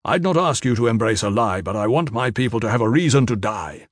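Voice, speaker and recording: A man voicing a weary, blunt commander of bodyguards who speaks solemnly and forcefully in an audiobook. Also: mid-range voice, lively intonation, a little fast, breathy edge, dry recording, clean studio sound.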